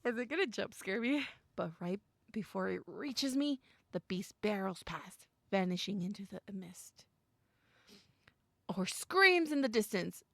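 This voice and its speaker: Excitable young woman with gravelly fry. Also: mid-range voice, a little slow, no echo. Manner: excitable, gasps and squeals at scary moments, mixes in Spanish. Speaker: streamer playing a visual novel. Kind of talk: reading game text aloud with reactions and chat.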